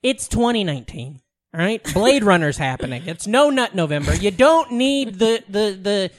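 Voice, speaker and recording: A man co-hosting a podcast, joking crudely and teasing his guest with loud bursts of laughter. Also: sits high, big pitch swings, moderate pace. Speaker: podcast co-host. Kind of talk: casual comedy chat.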